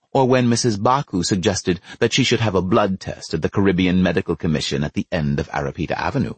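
A man narrating an audiobook in a measured storytelling way. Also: low voice, breathy edge, no echo.

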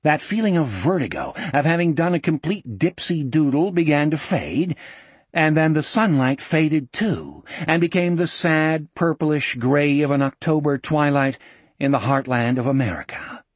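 A man narrating an audiobook in a measured, vivid storytelling manner. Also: a little high, slightly rough, no echo.

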